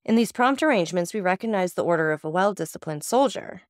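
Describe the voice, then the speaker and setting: A composed, mysterious nobleman, read by a woman speaks in a courteous, measured way, with a persuasive calm. The audiobook recording is dry and close, with no room sound. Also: lowish voice, no room sound, lightly acted.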